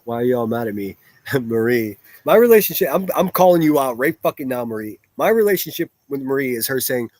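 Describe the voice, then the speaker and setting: A man's voice: medium pitch, expressive, brisk, a little mellow, dry recording. A man hosting a live stream and answering his chat in a blunt, profane, rambling way, with frequent restarts. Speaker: livestreamer reading chat.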